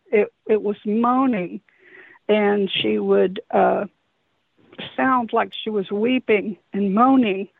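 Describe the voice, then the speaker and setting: A woman's voice: medium pitch, gravelly, no echo. A woman calling in to tell a personal story, talking in an earnest, rambling way and often correcting herself. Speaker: caller sharing an encounter. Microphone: telephone. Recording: tinny phone line.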